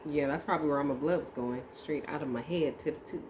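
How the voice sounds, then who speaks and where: Chatty woman with a lowish voice. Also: fast, darkish tone, a little hiss or hum. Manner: chatty storyteller. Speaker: co-host, new mother. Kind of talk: casual couple chat.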